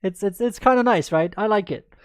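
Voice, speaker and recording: A woman's voice: mid-range voice, fairly quick, clean tone, dry recording, studio quality. A woman chess coach in a livestreamed lesson, chatty and upbeat, answering viewers by name as she goes through moves.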